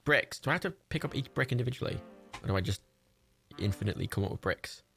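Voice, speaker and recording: Gravelly, lively young man streaming. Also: mid-range voice, fast, faint music behind. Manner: chatty and easily confused, laughs often, swears. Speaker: livestreamer playing a building game. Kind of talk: casual gameplay chat.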